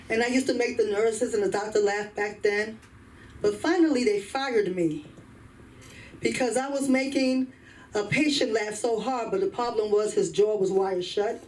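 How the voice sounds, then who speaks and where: A woman doing a stand-up set at an open mic, telling stories and laughing at her own punchlines. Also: on the high side. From New York. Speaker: stand-up comedian. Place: comedy club open mic. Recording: far from the mic, faint room noise.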